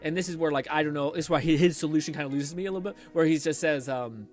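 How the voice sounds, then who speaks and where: A man's voice: fairly high pitch, rapid-fire, a little mellow, soft background music. A man streamer chatting casually with his stream chat and answering comments in a rambling way, full of fillers and restarts.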